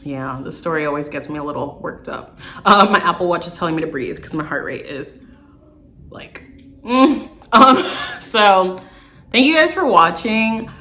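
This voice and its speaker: A young woman vlogger, telling a storytime in an animated, exasperated way. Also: on the low side, normal speed. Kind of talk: storytime vlog.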